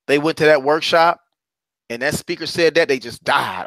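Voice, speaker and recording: A middle-aged man preaches a motivational message in a fiery, sermon-like way, moving between loud calls and low, hushed asides. His voice sits high and sounds bright and forceful. The recording is dry and close, with no room sound. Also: lively intonation, moderate pace, dry recording. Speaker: motivational courage coach.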